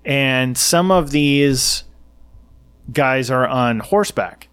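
A man's voice: mid-range voice, takes it slowly, a bit bright, clear, resonant tone. A man hosting a casual political chat, rambling and sarcastic, who often acts out what others said.

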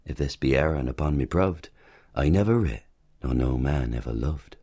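A man reciting a sonnet as its speaker, in an Elizabethan original-pronunciation accent, measured and solemn. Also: low voice, animated, warm tone, slightly rough, full character voice. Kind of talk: verse recitation.

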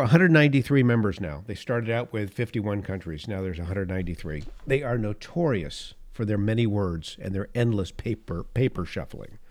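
A middle-aged man with a fairly low voice hosts a political commentary show. He talks with biting sarcasm and chuckles at his own jabs. He gets fired up, then reins himself back in. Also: darkish tone. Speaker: podcast host.

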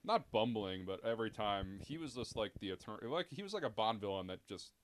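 A man's voice: on the low side, big pitch swings, fairly quick, a little hiss or hum. A man talking casually as a podcast guest, profane and rambling, laughing through his stories.

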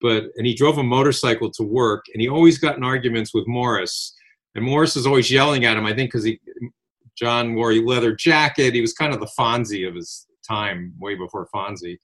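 An older man casually telling long, rambling personal anecdotes, animated, with restarts and quoted dialogue. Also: mid-range voice, brisk. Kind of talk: casual conversational storytelling.

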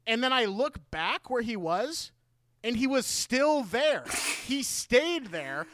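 A man's voice: very high-pitched, very animated, takes it slowly, noisy background. A man co-hosting a podcast, telling a rambling, profane story with lots of "like" and fillers. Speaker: podcast co-host. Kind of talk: casual chat. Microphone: podcast mic.

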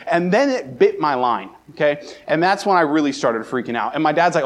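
A man's voice: fairly high pitch, a little fast, few pauses. A young adult man from the Baltimore area preaching a sermon, telling a personal story and acting out the scenes with a raised voice. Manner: animated, acts out scenes with raised voice. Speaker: pastor. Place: church sanctuary.

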